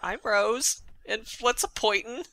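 Guy playing a clueless little girl, high and bright, innocent questions. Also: a little slow, exaggerated voice, rough recording. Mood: puzzled. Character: naive ten-year-old girl.

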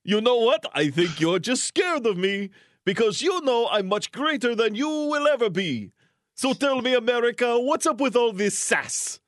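A man's voice: extremely high pitch, big pitch swings, normal speed, no room sound, clean studio sound. A man doing a smug fake-Russian Soviet bully. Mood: scornful. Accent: mock Russian. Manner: theatrical mock-menacing reading. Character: boastful blustering Soviet man. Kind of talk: comedic dramatic reading.

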